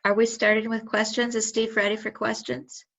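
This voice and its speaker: A woman giving a slow, measured spoken introduction and then asking questions as the interviewer. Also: a little high, level tone, gravelly, a bit bright, lo-fi sound.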